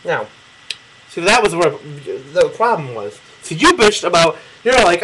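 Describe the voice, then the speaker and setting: A man's voice: on the high side, sing-song, a little fast, a crowd in the background, poor audio. A young man from Michigan rambling casually and profanely while drawing a map for someone, laughing often. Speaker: video replier. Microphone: camera mic close to the face.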